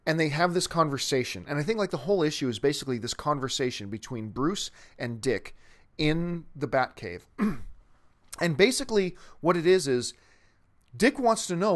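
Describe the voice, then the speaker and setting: Animated, enthusiastic man hosting a movie chat. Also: on the high side, normal speed. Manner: enthusiastic, rambling, frequent restarts. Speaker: host of a movie news show. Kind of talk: casual chat answering a viewer question.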